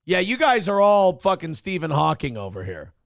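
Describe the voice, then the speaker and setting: A man with a high, lively voice and a gravelly edge rants through profane, sarcastic commentary as a show host. The sound is dry and close, with no room around it. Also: moderate pace, dry recording. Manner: sarcastic, swears heavily, rants. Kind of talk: profane commentary on a viral video.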